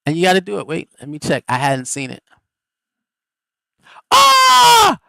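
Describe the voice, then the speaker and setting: A man's voice: fairly high pitch, gravelly, no room sound, rough recording. A middle-aged man hosting a live stream, giving a motivational teaching in a folksy, preacherly way. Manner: animated, preacherly, folksy and quick. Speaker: host.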